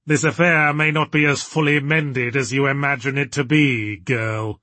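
A man voicing a dazed, pompous, theatrical male villain who talks slowly and grandly, slurring his words. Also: medium pitch, steady tone, pushed and bright, no echo, lightly acted. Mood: grandiose, slurred.

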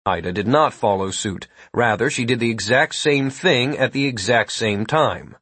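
A man narrates a fantasy story in a husky, slightly breathy voice at a middling pitch. His reading is measured and even. The recording is dry and close, with no room sound. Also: no echo. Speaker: audiobook narrator. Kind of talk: scripted narration.

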